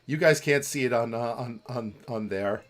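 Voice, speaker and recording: A man co-hosting a charity podcast livestream in casual chat, rambling and halting with many restarts and easy laughs. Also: mid-range voice, crowd noise. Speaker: podcast co-host running a charity stream.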